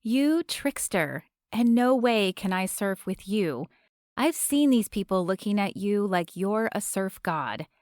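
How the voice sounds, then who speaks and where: A woman's voice: medium pitch, expressive, slow pace, a little mellow, no echo, clean studio sound. A woman voicing a playful young woman who teases her surf teacher, in an audiobook. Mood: teasing. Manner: playful, teasing.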